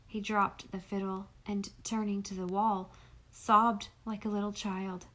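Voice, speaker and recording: Woman, audiobook narrator, gentle even storytelling, scripted narration. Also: medium pitch, measured pace.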